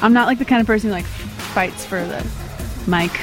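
A woman's voice: medium pitch, moderate pace. Shy hesitant woman guest with music. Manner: shy, hesitant, soft-spoken.

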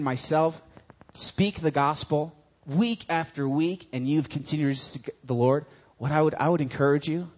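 A man preaching a sermon in a casual, conversational way, telling stories with lively animation. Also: mid-range voice. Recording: dull lo-fi recording.

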